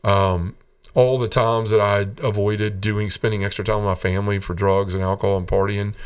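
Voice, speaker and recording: A man's voice: fairly low pitch, flat delivery, moderate pace, clean tone, distant mic. A man from Tennessee, a podcast guest, telling his personal story in an earnest and emotional way. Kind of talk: personal testimony in an interview.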